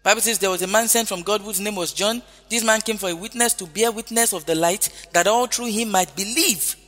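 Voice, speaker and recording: This sermon comes from a man whose voice sits high with a fairly bright tone, moving at a quick pace. Emphatic and repetitive, he keeps crying hallelujah, while long hall reverb and faint music fill the background.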